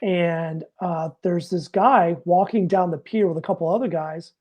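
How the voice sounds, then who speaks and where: A middle-aged man, a retired Navy master chief, telling a story in casual talk, animated and swearing freely. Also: sits high, moderate pace, dull audio.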